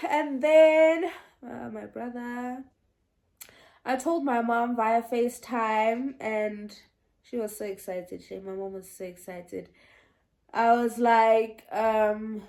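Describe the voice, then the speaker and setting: A woman's voice: on the high side, a little slow. A young woman telling a casual storytime vlog, chatty and meandering, often restarting and laughing. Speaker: vlogger.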